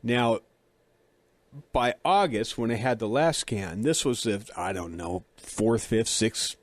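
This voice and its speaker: A middle-aged man tells a story in a relaxed, chatty way, poking fun at himself and playing out both sides of a conversation. His mouth sounds a little dry. The recording is close and dead, with no room sound. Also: lowish voice, slow, no echo. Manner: chatty, self-deprecating, acts out dialogue. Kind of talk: casual storytelling.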